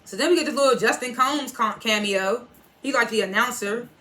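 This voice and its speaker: A woman's voice: on the high side, a little fast, pushed and bright. Chatty woman recapping with laughter. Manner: laughs often while retelling scenes; blunt and profane. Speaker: TV episode reviewer. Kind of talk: casual recap chat.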